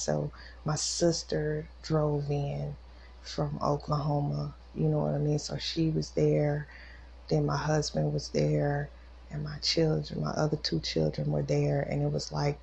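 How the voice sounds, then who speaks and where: A woman's voice: sits low, vocal fry, dark tone. A mother and podcast host telling a personal testimony with emotion, talking straight to her listeners. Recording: dull lo-fi recording with faint noise.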